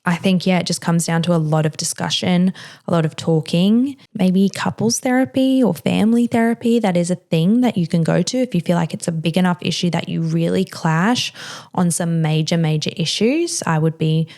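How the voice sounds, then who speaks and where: A woman's voice: fairly low pitch, moderate pace, a little mellow. A woman hosting a podcast, a mother answering listener questions in a frank, chatty way, with plenty of "like" and "you know". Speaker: podcast host. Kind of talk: casual advice chat.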